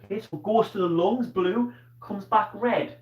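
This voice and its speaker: A man's voice: high-pitched, moderate pace. A male teacher giving a live online science lesson, asking questions and praising pupils by name. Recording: roomy, distant, dull-toned sound.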